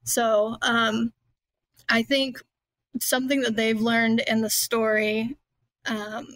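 A woman guest speaks in a slightly high voice that stays in a narrow band of pitch. She talks casually and chattily, with frequent fillers and self-corrections. The sound is close and dry. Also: little pitch movement, takes it slowly, fairly bright tone, dry recording. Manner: chatty, many fillers and restarts. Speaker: guest author. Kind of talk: casual podcast conversation.

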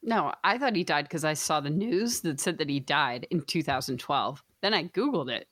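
A woman's voice: sits low, lively intonation, moderate pace, fairly bright tone, dry recording, clean studio sound. A woman co-hosting a podcast in casual comedic chat, wry and swearing freely. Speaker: podcast co-host.

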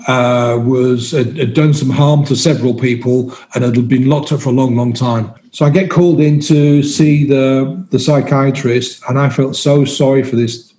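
A man's voice: mid-range voice, a little mellow. A man in his sixties speaks as an interview guest, recounting his past in a candid, self-deprecating way. He talks conversationally and often stops to restart a phrase before pressing on. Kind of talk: personal storytelling in conversation.

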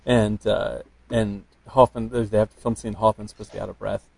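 A man's voice: lowish voice, little pitch movement, brisk, vocal fry, a little mellow, slightly rough, no echo. A man co-hosting a casual podcast chat, laughing often and telling stories with enthusiasm. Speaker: podcast co-host.

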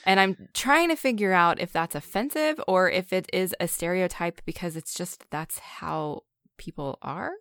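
Low-voiced woman sharing film trivia. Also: fairly bright tone, clear, resonant tone, no echo, clean studio sound. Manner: measured, explains trivia to the others. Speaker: podcast co-host. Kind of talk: casual film discussion.

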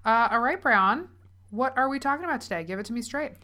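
A woman co-hosting a casual podcast, chatty and quick to laugh. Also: on the high side, expressive, bright, forceful tone. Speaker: podcast co-host. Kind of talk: casual chat.

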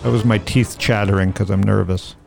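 Rambling joking podcast host, gravelly voice. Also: male voice, fairly low pitch, steady tone, a little fast, over music. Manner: rambling, self-mocking, jumps off topic. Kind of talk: casual joking chat.

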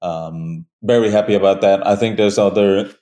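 Deep-voiced man, earnest and halting. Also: steady tone, dark tone. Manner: earnest, halting, many fillers and restarts. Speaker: hunting show creator, guest. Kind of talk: conversational interview.

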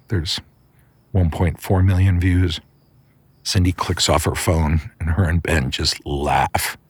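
A man's voice: sits low, unhurried, breathy edge, no room sound. A middle-aged man hosting a podcast, improvising a bedtime story in a loose, conversational way with fillers and restarts.

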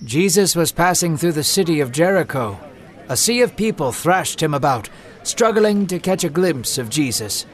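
A man's voice: a little high, animated, normal speed. A man narrating a Bible story in a dramatic storytelling manner.

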